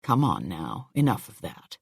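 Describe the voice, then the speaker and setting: A woman narrator voicing a kindly, decent middle-aged male employer who is gentle and reassuring, but firm when pushed. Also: rumbling low, takes it slowly, slightly rough, dry recording, clean studio sound, heavily acted. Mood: soothing.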